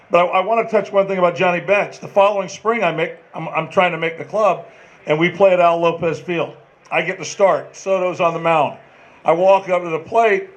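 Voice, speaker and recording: High-voiced man telling folksy stories. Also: rough recording. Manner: folksy, detailed anecdotes, addresses others by name. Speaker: former player and manager, panel guest. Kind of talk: storytelling at a live panel.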